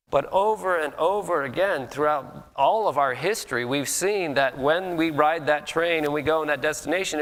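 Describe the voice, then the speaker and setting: Gravelly man preaching in a hall. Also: on the high side, a bit bright. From Colorado. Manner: conversational preaching, mimics people's inner voices. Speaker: guest minister. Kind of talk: sermon. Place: church sanctuary. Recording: long hall reverb.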